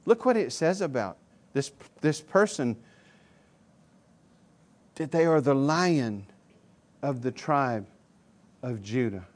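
A male pastor preaching a sermon, swinging between loud emphatic declarations and low quiet asides. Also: animated, takes it slowly, pauses often.

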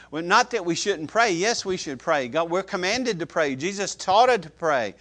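A male pastor delivering a sermon in a voice on the higher side for a man. He leans hard on key words, then falls quiet and low for asides, repeating phrases and speaking straight to his congregation. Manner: emphatic preaching, swings from loud stresses to soft low asides; repeats key phrases, addresses listeners directly.

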